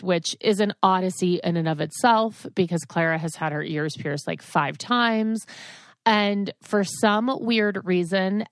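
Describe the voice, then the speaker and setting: A woman's voice: lowish voice, dry recording. Chatty woman podcast host, dry sound. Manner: chatty, rambling storyteller full of "like" and asides. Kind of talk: casual podcast chat.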